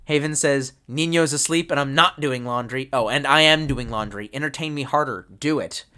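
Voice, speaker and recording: A tipsy livestream host sits at a desk at home reading chat, rambling loosely and swearing freely in casual live conversation. His voice is medium-pitched with a bright, forward tone, and he keeps a moderate pace.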